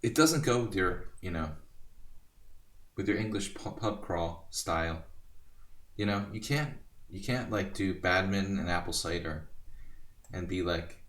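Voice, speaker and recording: A man from Hungary chats casually through a live blitz chess stream, rambling to viewers between moves. He pokes fun at himself as he goes. His voice sits low, and the sound comes from a distant mic with a roomy echo. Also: a little slow, long pauses, a bit bright. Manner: chatty, self-deprecating, rambling asides to chat.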